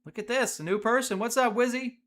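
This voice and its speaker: A man hosting a live gameplay stream, energetic and chatty, talking to his viewers as he plays. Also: extremely high pitch, a little fast. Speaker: streamer, host.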